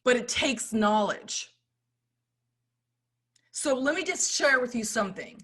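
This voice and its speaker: A middle-aged woman giving an impassioned motivational talk, swinging between loud urging and hushed storytelling. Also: fairly high pitch, expressive, slow pace, breathy edge. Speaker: summit speaker.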